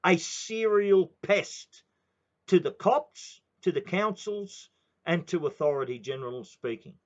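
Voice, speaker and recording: A man's voice: sits high, unhurried. A man in his sixties with an Australian accent, ranting in a heated, swearing monologue. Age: 60s. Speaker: political commentator. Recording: dull lo-fi recording.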